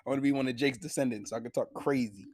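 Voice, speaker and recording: A young man reviewing anime in a casual vlog, with a slangy, profane, animated retelling and frequent laughs. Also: mid-range voice, fast, breathy edge. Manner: laughs often.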